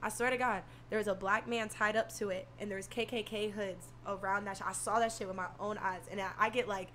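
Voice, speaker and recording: A soft-spoken young woman telling a story in casual talk, animated and profane, acting out what people said. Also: mid-range voice, fast talker, slight background noise. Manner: animated, swearing, acts out quotes.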